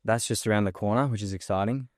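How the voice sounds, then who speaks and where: Deep-voiced Australian man telling stories. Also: fast talker, no echo, clean studio sound. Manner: animated, laughing, frequent "like" fillers. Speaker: guest. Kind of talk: casual storytelling interview.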